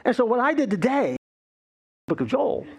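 A man's voice: very high-pitched, big pitch swings, moderate pace, gravelly, breathy edge. A middle-aged man preaching a sermon as pastor, conversational and joking.

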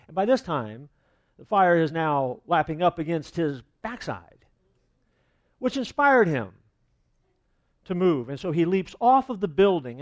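A man preaching a sermon as the pastor of a church, in a relaxed, conversational manner with fillers and asides. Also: fairly high pitch, no echo.

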